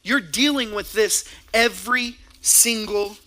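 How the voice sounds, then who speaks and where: A man preaches in a high, bright voice. He is animated and plays out both sides of a couple's everyday squabbles. His delivery is keen and lively throughout. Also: takes it slowly. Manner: animated, acts out both sides of a couple's quarrel, laughs along. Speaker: pastor. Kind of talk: sermon with acted-out stories.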